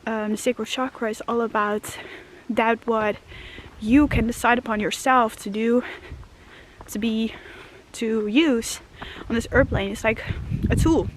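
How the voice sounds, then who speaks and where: A woman's voice: on the high side, fairly even intonation, a little slow, pauses often, a little hiss or hum. Breathless woman musing on a forest walk. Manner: earnest, musing, many "you know" fillers, laughs often. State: out of breath from walking. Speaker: vlogger. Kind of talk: walk-and-talk spiritual vlog. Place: forest path outdoors.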